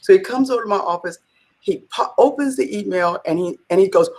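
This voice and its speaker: A woman guest in a conversational interview, telling a story in an animated way and acting out the quotes. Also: mid-range voice, fairly quick. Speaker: business leader, interview guest.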